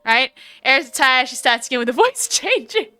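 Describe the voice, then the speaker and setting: A woman's voice: high voice, very animated, a little fast, bright, forceful tone, no echo. A young Australian woman streaming live, chatting in a rambling way with lots of fillers and restarts. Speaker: VTuber streamer. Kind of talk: casual livestream chat.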